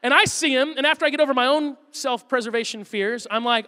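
Male pastor giving a sermon, funny animated storytelling, bright sharp voice. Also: very high voice, fast talker, clear, resonant tone. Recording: long hall reverb.

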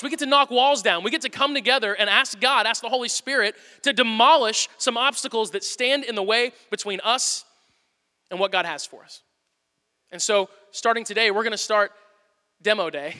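A male pastor delivers a sermon in an energetic, conversational way, with a touch of self-deprecating humor. His voice sits high and sounds bright and forceful. The church hall gives him a long, ringing reverb. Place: church sanctuary.

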